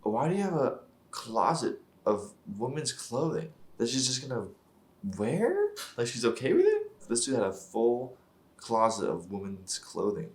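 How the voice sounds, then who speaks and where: A man who reacts to shows on YouTube gives casual, profane commentary on a TV episode, mocking the script and laughing often as he talks. His medium-pitched voice swings hugely in pitch, and he is unhurried.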